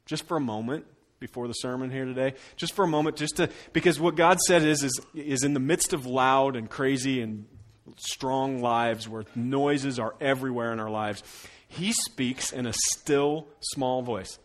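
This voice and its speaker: A middle-aged male pastor delivering a sermon at a middling pitch. He moves from strong, raised lines into soft, drawn-out ones and back again. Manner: shifts between loud emphasis and hushed, slowed phrases.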